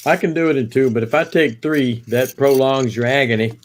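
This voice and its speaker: A man's voice: mid-range voice, a little fast. A man hosting a live stream, chatting casually while eating, teasing and laughing often.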